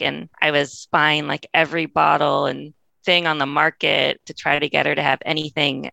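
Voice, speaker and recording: A woman's voice: low voice, gravelly, no room sound. A woman guest in a podcast interview telling a long personal story in a chatty way, laughing often and acting out what others said. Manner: fast, chatty, laughs often, quotes people in lively voices.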